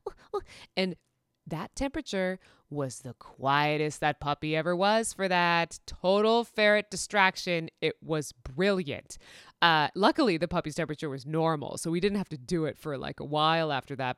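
A woman who works as a veterinary technician, telling an anecdote in an animated, laughing way full of fillers. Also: low voice, clear, resonant tone, no room sound, studio quality. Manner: animated, laughing, many fillers and acted-out quotes. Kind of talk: casual anecdote storytelling.

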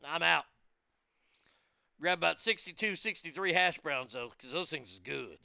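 Crude, brash man with a gravelly voice. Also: fairly high pitch, animated, moderate pace, pushed and bright, dry recording, clean studio sound. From United States. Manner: brash, profane, mocking. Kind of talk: crude comedic news commentary.

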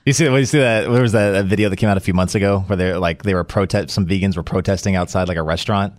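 A man's voice: racing, no echo, clean studio sound. A young man co-hosting a talk radio show, telling funny stories with lots of energy. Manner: animated storyteller, jumps into high voices for quotes. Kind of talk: casual talk radio storytelling.

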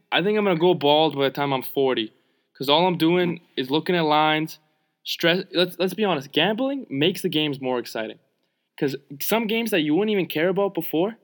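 A man's voice: on the high side, fairly bright tone. A young man from Croatia co-hosting a podcast, casually joking and teasing about sports betting with crude humor. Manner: joking, teasing, profane banter. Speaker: podcast co-host.

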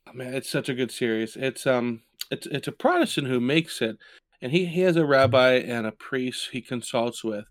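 A man's voice: medium pitch, moderate pace, no room sound. A man co-hosting a podcast, chatting casually and retelling stories with energy. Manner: animated storyteller, retelling scenes with quoted lines. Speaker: podcast co-host.

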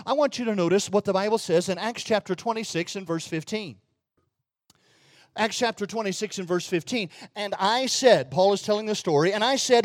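A Southern man delivering a sermon in an unusually high voice. He preaches emphatically, drawing out and lifting the lines he quotes. The sound is dry and close, with no room around it. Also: moderate pace, dry recording. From Mississippi, USA.

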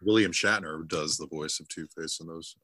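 Deep, bright-toned man chatting haltingly. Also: dry recording. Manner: halting, many uh fillers. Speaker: podcast co-host. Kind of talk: casual chat.

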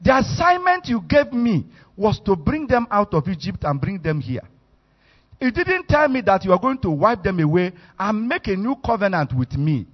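A man's voice: sits high, sing-song, normal speed. A man with a Nigerian accent voicing an older male prophet who pleads earnestly and respectfully. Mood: pleading. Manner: earnest, reasoning, deferential. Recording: echoey hall, muffled sound.

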